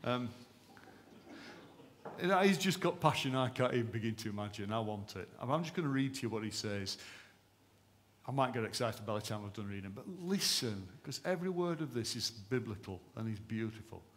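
A man's voice: lowish voice, lively intonation, a little fast. A man preaching a sermon in a church service, with impassioned, rhythmic repetition. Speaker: pastor.

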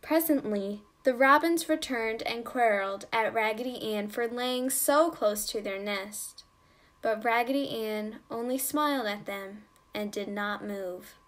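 Slow, gentle woman storyteller. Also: on the high side. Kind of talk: children's story reading.

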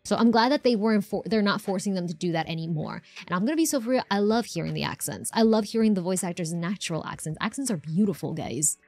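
A woman's voice: mid-range voice, lively intonation, fast, few pauses, darkish tone, no room sound, faint music behind. Chatty woman streaming a game. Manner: chatty, rambling, answers chat, lots of fillers. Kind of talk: casual live-stream chat over gameplay.

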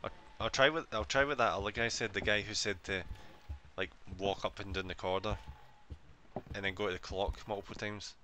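Male streamer, lowish voice, sharp bright edge, sweary live commentary. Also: brisk, slight background noise. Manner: swearing, excitable, talks to himself.

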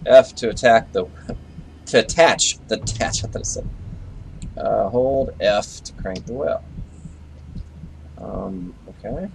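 A young man talks through a horror game as he plays it, jumpy and quick to swear. He scolds the creatures on screen. His voice is gravelly with fry and leaps up and down in pitch, with a faint hiss of noise behind it. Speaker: let's play gamer. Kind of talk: live horror game commentary.

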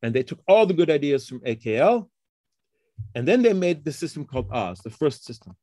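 A fairly high-pitched middle-aged man tells the story of his field in a casual interview. He talks in short, chatty bursts, tags his points with "okay?", and slips into quoted voices of colleagues. The sound is dry and close, with no room echo. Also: very animated, fairly quick, mellow. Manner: explains with frequent tag questions like okay and huh. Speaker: computer science professor, guest.

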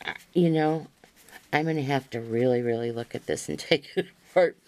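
A woman's voice: very deep voice, a little mellow. A woman crafter showing handmade gifts to camera in a casual unboxing chat, gushing and rambling with many fillers.

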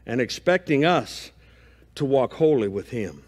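A man's voice: mid-range voice, lively intonation, a little slow, husky, big-room sound. A male pastor giving a folksy, conversational sermon, mixing home stories with scripture reading. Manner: reads scripture aloud between comments. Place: church sanctuary.

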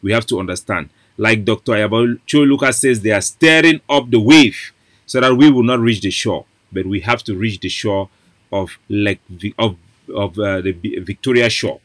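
A man's voice: lowish voice, moderate pace, a bit bright, no echo, studio quality. A man with a Cameroonian Pidgin English accent, giving an impassioned political address as an activist host. He mixes English and Pidgin and rises into fervent oratory. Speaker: activist host of an online platform.

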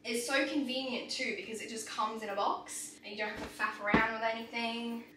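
A woman's voice: fairly high pitch, steady tone, fairly quick, noisy background. Bubbly Australian woman in an echoey room. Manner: bubbly, exclaiming, chatty. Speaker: vlogger. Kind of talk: casual vlog chat. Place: room at home.

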